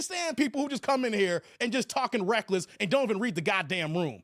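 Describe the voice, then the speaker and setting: A man's voice: high voice, a little fast, few pauses, dry recording, studio quality. A man hosting a live stream, talking casually, reading chat aloud and swearing freely. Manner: animated, swears, slangy. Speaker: live-stream commentary host. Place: New York area.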